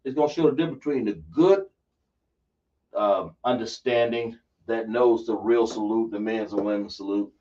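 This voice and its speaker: With a warm, fairly low voice at normal speed, a man leads a religious class, emphatic and asking his listeners rhetorical questions. The recording comes across dull, distant and lo-fi.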